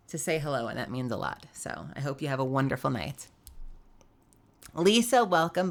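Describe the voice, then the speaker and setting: A young woman on a live stream, her voice sitting a little low in her range. She is sick and coughing but keeps up a casual, chatty stream of greetings to viewers. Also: animated, moderate pace, a bit bright. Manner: chatty, greeting chat by name, laughing often.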